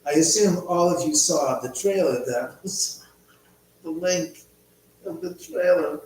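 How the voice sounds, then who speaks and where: A man's voice: on the high side, slow, darkish tone. A middle-aged man hosting a casual livestream from home, telling rambling stories and reading viewer comments aloud. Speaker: livestream host. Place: large echoey room at home. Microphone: laptop mic from a distance. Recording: very echoey, distant, faint hum.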